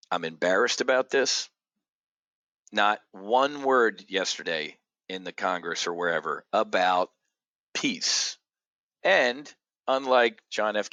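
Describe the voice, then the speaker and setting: A man hosting an opinionated market commentary show, blunt and combative, jumping from loud outbursts to low muttering. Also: no echo. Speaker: options trading show host.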